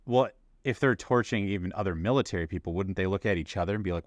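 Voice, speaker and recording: A man co-hosting a podcast, chatting casually and jokily, acting out movie characters in quick little voices. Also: deep voice, no room sound, clean studio sound. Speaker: podcast co-host. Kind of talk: casual chat.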